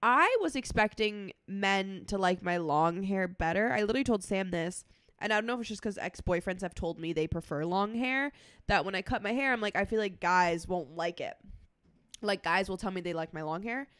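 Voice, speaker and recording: A woman's voice: mid-range voice, moderate pace, fairly bright tone, smooth, no echo. Podcast co-host, woman, chatty storyteller, dry close-mic sound. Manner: storytelling with lots of "like" and acted-out quotes. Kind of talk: casual chat.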